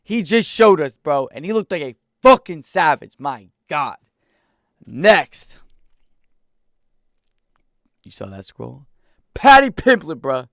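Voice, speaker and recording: Slangy, excitable young guy reacting to fights. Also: fairly high pitch, slow pace, pauses often, no echo, clean studio sound. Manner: slangy, excitable, rambling with lots of "bro". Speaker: MMA reaction YouTuber. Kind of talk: casual fight reaction vlog.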